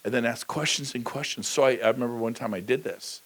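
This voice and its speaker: A man giving a high-energy motivational talk at a conference, joking with the crowd and slipping into quick impressions of people. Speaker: keynote speaker. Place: large conference hall.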